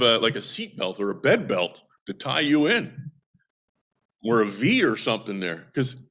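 A man's voice: fairly low pitch, a bit bright, lo-fi sound. A man who works with a seamen's mission, giving a casual update in a rambling, anecdotal way with frequent restarts.

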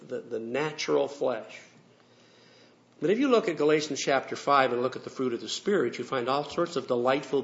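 Earnest male preacher, lo-fi. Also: on the high side. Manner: storytelling, earnest and reflective. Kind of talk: sermon. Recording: dull lo-fi recording.

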